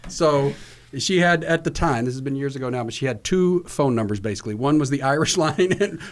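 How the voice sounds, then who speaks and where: A man's voice: mid-range voice, animated, a little fast. A man co-hosts a chatty podcast and tells a long anecdote with plenty of animation. His voice sits in an ordinary middle register. He slips into the people in the story as he quotes them. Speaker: podcast co-host. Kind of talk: casual chat.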